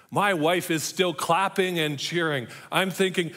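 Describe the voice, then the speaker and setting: A middle-aged pastor telling a story from the pulpit in a church. His voice is fairly high and bright, with a forceful edge. He sinks to a soft, hushed tone to drive points home. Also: lively intonation, a little slow. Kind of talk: sermon.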